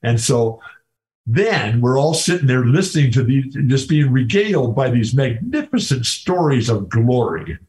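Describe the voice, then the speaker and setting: A man's voice: mid-range voice, very animated, unhurried, darkish tone, low-quality recording. An older man, a former college basketball player, talking as a guest in a casual interview, telling enthusiastic stories with many restarts.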